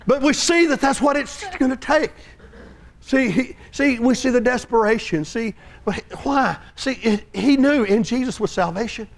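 A man preaching a sermon, swinging from hushed storytelling to loud shouting and often repeating and restarting his words. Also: very high-pitched, normal speed, vocal fry.

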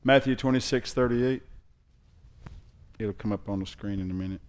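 Man preaching a lively sermon. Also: fairly low pitch, moderate pace. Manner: conversational preaching that builds in force. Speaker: pastor.

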